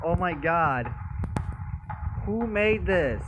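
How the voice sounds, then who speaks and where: A man's voice: on the high side, expressive, extremely slow, noisy background. A young man giving nervous horror game commentary, repeating bro and dude as he plays. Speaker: gamer. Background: game music.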